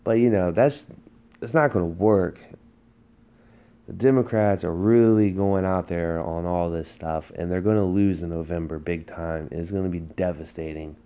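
A man's voice: low-pitched, fairly even intonation, moderate pace, dark tone, clean tone, highs cut off. A man hosting a political podcast, delivering a heated, emphatic monologue full of rhetorical questions. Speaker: podcast host.

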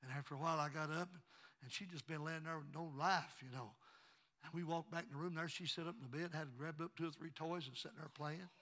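A pastor in his sixties delivers a storytelling sermon in a somewhat high, ringing voice. He drops to a low, confiding tone for his stories, then bursts into loud, shouted praise. His voice stays bright and forceful throughout. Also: steady tone, fast. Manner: storytelling preacher, swings from quiet narration to shouted praise. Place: church sanctuary.

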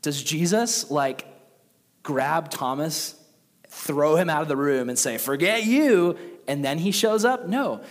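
A man preaching a sermon in a casual, conversational and animated way. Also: on the high side, a little slow. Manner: conversational, animated, with acted quotes. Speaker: pastor. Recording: long reverb of a large hall.

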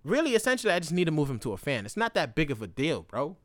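A man hosting a podcast, telling a story in a loose, slangy way with plenty of swearing. He swings between loud bursts and low mumbles. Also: huge pitch swings, very fast, no room sound, clean studio sound. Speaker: podcast host. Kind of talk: casual storytelling monologue.

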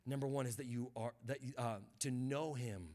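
A guest pastor delivers a sermon, his mid-range voice moving at a moderate pace with fairly even intonation. He starts in quiet reflection and climbs to shouted fervor, calling on the congregation to respond.

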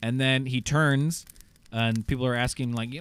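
A man casually recapping a movie plot on a podcast, rambling and animated, swearing and acting out lines of dialogue. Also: mid-range voice, quick pace, no echo. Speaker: podcast co-host.

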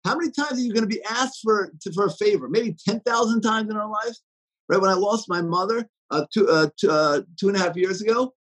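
A man's voice: high-pitched, a little fast, fairly bright tone, rough recording. A man giving an inspirational talk, telling stories with many fillers and restarts.

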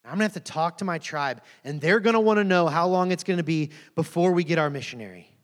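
A man's voice: a little high, lively intonation, fast, pitched above the performer's own voice, close to an everyday voice. A man voicing a tribal chief, an older man who keeps pressing urgent, repeated questions, in a sermon story. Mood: pleading. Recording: long reverb of a large hall.

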